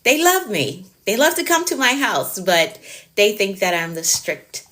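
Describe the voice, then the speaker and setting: Middle-aged jamaican woman coaching live, talks fast and passionate, straight to the viewers, mid pitch. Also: sing-song, a bit bright. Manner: fast-talking and passionate, addresses viewers directly. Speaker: productivity coach. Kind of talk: live-stream coaching talk.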